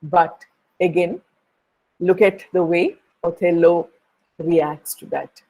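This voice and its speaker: A woman's voice: on the low side, steady tone, slow pace, mellow, poor audio. A woman giving a literature lesson, explaining a play and reading out quoted lines, with frequent hesitations and fillers. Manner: hesitant, many fillers and restarts. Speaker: literature teacher.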